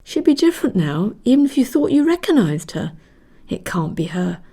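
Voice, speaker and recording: A woman's voice: fairly high pitch, sing-song, normal speed, warm tone, slightly rough, voice pushed up, full character voice. A woman reading the part of an anxious young wife, pressing with worried questions. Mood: perplexed.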